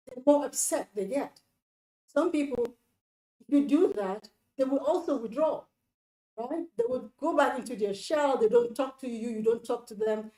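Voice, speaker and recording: A woman with a fairly high, mellow voice gives casual relationship advice, speaking earnestly and straight to the viewer. She circles back and repeats herself for emphasis. Her voice carries the echo of a roomy space.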